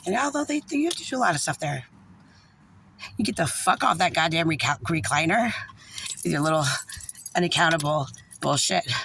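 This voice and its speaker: Raspy, furious New woman. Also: low voice, noisy background. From New Jersey. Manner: angry, profane, fast when passionate. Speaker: parent venting about a social services agency. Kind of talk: profane ranting vlog.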